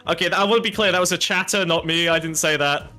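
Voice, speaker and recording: A man streaming a playful role-play game as a paladin, protesting loudly and laughing often, with faint music behind. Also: fairly high pitch, quick pace.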